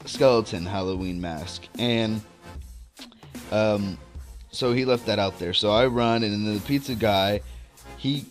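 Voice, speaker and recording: A young man vlogging a casual story, rambling and swearing freely as he tells it. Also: fairly low pitch. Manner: rambling, profane, animated storytelling.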